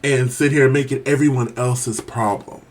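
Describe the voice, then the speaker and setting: A man co-hosting a casual TV review chat, animated and laughing often, acting out his own reactions in big exaggerated bursts. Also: medium pitch, normal speed. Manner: laughs often while talking. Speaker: co-host of a TV review show.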